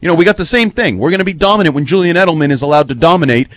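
A man's voice: fairly high pitch, lively intonation, rapid-fire, fairly bright tone, no echo. A man giving opinionated, long-winded football analysis on a postgame radio show in a studio.

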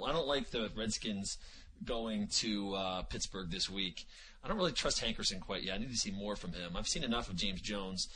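A man co-hosting a fantasy football call-in show, chatting in an easygoing way. His tone is bright and sharp-edged. A faint ambient hum sits behind him. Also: on the low side, rough recording. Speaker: radio co-host.

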